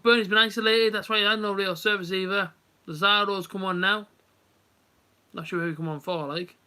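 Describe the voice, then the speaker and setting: This young man hosts a live stream, rambling chattily to his audience while commenting on a match he's watching in real time. He speaks in a highish register with a bright, forceful tone.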